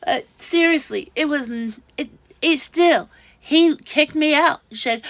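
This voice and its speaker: A woman with a high voice talks straight into the camera, venting about a falling-out in an unhurried, upset ramble. She keeps breaking off and restarting her sentences. The sound is dry and close, with no room echo. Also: fairly bright tone. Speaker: vlogger. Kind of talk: casual venting monologue.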